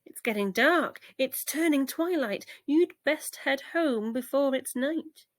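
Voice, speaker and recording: A woman voicing a kindly, sensible female rhino who gives calm, motherly advice. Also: sits high, slow pace, no echo, pitched above the performer's own voice.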